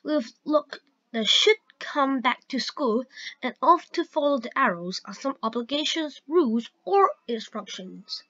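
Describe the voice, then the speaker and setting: A woman teaching a grammar lesson, reading example sentences aloud slowly and carefully. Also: sits high, expressive, a bit bright. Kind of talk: slow grammar lesson narration. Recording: dull lo-fi recording.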